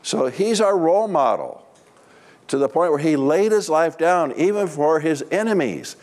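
A middle-aged man preaching, telling stories and acting out the dialogue. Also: on the high side. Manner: animated storyteller, acts out dialogue. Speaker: pastor. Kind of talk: sermon with storytelling.

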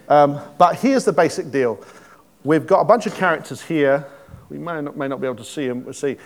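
A man's voice: fairly high pitch, moderate pace, long pauses. A man giving an informal sermon, chatty and joking, with many restarts. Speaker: preacher.

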